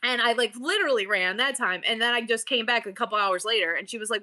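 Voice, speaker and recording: Woman host, 30s, bright and slightly high voice, rambling live-stream chatter with casual swearing. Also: quick pace. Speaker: livestream seller host. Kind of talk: casual livestream chat.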